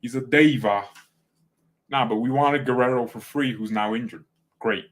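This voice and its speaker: Chatting on a fan channel livestream, this host has a mid-range voice and a moderate pace. His talk wanders, with frequent self-corrections and jokes.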